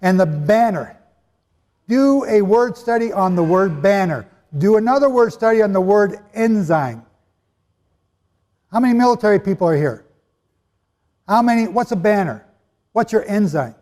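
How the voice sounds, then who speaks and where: Guy preaching to a crowd in a big echoey hall, lively and chatty, high voice. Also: normal speed, pauses often. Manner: animated, conversational preaching with asides to the audience. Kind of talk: sermon. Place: hall with a live audience. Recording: long hall reverb.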